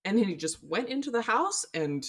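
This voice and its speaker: A young woman co-hosting a podcast, telling stories in an animated way and swearing casually. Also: medium pitch, a little fast, breathy edge. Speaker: podcast co-host. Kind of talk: casual chat.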